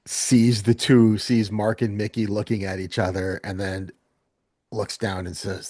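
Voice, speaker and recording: A man's voice: lowish voice, little pitch movement, a little slow, mellow, no room sound, studio quality. A man narrating as game master of a tabletop game, rambling with lots of fillers.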